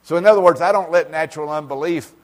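Folksy preacher in a reverberant hall. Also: male voice, fast. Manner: folksy, talks directly to congregation members by name; swings from loud emphasis to low asides. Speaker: pastor. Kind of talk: informal sermon. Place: church.

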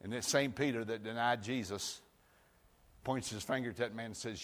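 A man preaching a sermon in a folksy way, moving from loud outbursts to quiet asides. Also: mid-range voice, normal speed, big-room sound. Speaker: pastor.

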